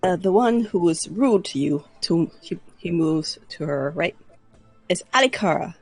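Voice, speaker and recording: A woman's voice: lowish voice, expressive, a little slow, breathy edge, dry recording, soft background music. A woman player in a tabletop game, speaking hesitantly with fillers. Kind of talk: casual tabletop game play.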